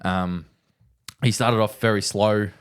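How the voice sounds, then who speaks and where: A man's voice: fairly low pitch, steady tone, slow, smooth. Chatty guy telling a golf story. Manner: rambling storyteller, full of "right?" and "like", laughs hard at his own story. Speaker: podcast co-host. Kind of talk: casual chat.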